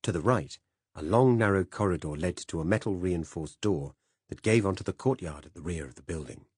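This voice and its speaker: A man narrating a first-person spy novel as an audiobook in a measured, even way. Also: deep voice, slightly rough, no room sound, clean studio sound.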